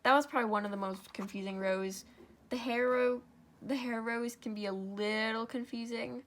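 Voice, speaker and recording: A fairly high-pitched woman with fairly even intonation and a slightly bright tone speaks at a moderate pace. As a yawning, sleepy young craft host, she gives a casual step-by-step tutorial, talking freely while correcting herself and apologizing.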